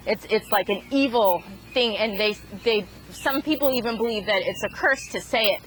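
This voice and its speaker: Woman, somewhat high voice, casual vlog talk, halting restarts, fillers. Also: fairly bright tone, rough recording. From Boston area. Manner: halting, many restarts and fillers, chuckles at herself. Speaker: chicken farm vlogger. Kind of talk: casual rambling monologue.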